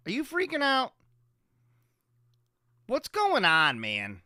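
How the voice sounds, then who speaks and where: A man hosting a radio show, chatting loose and profane with a bright, lively voice that jumps around. He rambles and jokes. The studio sound is dry and close. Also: very high-pitched, takes it slowly, dry recording. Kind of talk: casual chat on a morning radio show.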